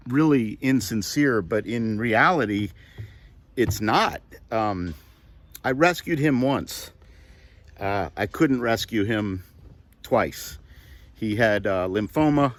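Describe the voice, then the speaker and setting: An older man, a comedian, talking to camera in a halting, heartfelt way with many pauses and fillers. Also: medium pitch. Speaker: comedian vlogger. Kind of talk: reflective personal talk to camera.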